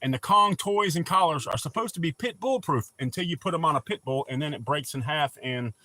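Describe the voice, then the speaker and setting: Bright-voiced chatty livestream host man. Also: on the high side, lively intonation, fairly quick. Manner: laid-back, chatty, greets viewers by name. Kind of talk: casual livestream chat.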